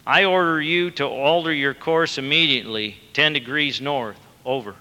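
A man playing a calm, respectful young lighthouse keeper who answers firmly over the radio, in a long-reverb hall. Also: fairly high pitch, normal speed.

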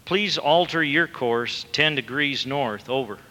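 Calm, respectful young keeper, voiced by a male preacher; slow, quiet, echoing hall. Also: medium pitch. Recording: long reverb in a large hall.

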